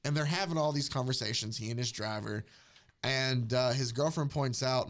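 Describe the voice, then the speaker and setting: A man's voice: medium pitch, moderate pace. A man retells a comic story in a loose, rambling way and drops into the characters' quoted lines as he goes. His voice is a little worn, as if he is losing it. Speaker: podcast host recapping a comic. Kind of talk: casual chat.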